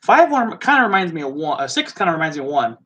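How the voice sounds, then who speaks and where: Bright, high-voiced chatty man. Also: big pitch swings, fast talker. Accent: Midwestern American. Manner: chatty, musing aloud, laughs easily. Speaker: host. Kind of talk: casual live tasting chat.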